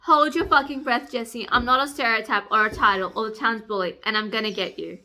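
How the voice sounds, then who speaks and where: A cocky, tattooed bad boy speaks bluntly and curses, read by a woman in her own bright voice. The delivery is casual and close to how she talks herself. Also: on the high side, steady tone, a little fast. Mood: intense. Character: brooding tattooed bad boy, young man.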